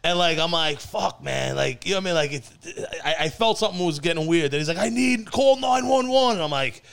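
A man telling a story in casual chat, animated and laughing often. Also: a little high, fast talker, creaky, clean tone.

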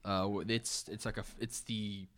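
A man co-hosting a casual book discussion, talking haltingly with many restarts. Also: lowish voice, little pitch movement, a bit bright. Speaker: podcast co-host.

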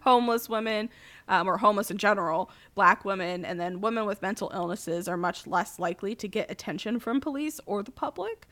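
A woman's voice: medium pitch, brisk, a bit bright. A young woman co-hosting a true crime podcast in casual chat, laughing often. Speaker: podcast co-host.

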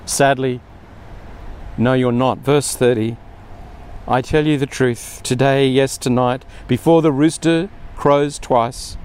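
A man's voice: mid-range voice, darkish tone, slight background noise. A man preaching a sermon in an earnest way, often acting out quoted speech with more emphasis.

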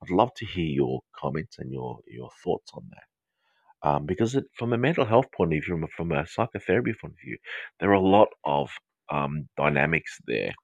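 A middle-aged male counsellor from the north of England, whose accent mixes Australian and southern English, hosts a live podcast, talking to listeners in a rambling, friendly way full of ums and restarts. His baritone is animated and gravelly, at a moderate pace. The recording is dry and dull.

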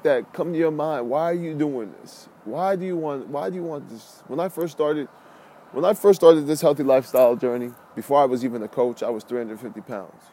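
Emphatic mellow-voiced male motivational coach. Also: a little fast. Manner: emphatic, repeats key phrases, swings between loud bursts and calm low talk; blunt, profane, slangy. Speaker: health and fitness coach, podcast host. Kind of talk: motivational podcast monologue.

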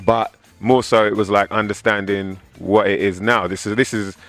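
A man's voice: on the low side, moderate pace, faint music behind. A man in his thirties with an English accent, a rapper talking casually in an interview and acting out the voices of people he quotes. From England. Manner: animated storyteller, acts out quoted voices.

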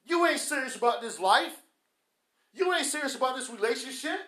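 A man's voice: extremely high pitch, lively intonation, fairly quick, pushed and bright. A man, hosting a podcast with a blunt, scolding motivational rant that mocks people with quacking. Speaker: podcast host. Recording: echoey room.

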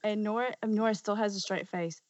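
A woman co-hosting a podcast, telling a family story briskly and acting out what the children said. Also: mid-range voice, fairly even intonation, heavy background noise. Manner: brisk narration, acts out quoted kids' lines. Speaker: podcast co-host. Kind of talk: casual storytelling. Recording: dry, dull lo-fi podcast audio.

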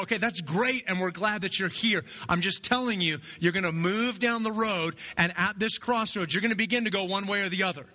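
A man preaching with a very bright, forceful voice pitched high for a man. His delivery is conversational, and he keeps checking in with the congregation with a quick "right?" as he makes his points. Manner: conversational, asks "right?" often. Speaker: pastor. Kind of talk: sermon.

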